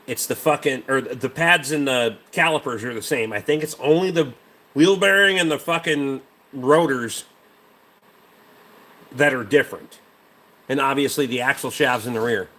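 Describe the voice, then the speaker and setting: A man's voice: mid-range voice, normal speed, bright, forceful tone. A man hosting a casual livestream, a mechanic rambling about truck parts and swearing freely while answering chat.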